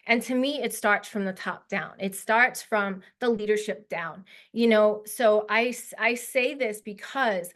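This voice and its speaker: A woman's voice: on the high side, a little slow, fairly bright tone. A woman in her forties giving an emotional, heartfelt talk as a guest speaker on a video call, chatty and full of fillers. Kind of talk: casual presentation to a webinar audience.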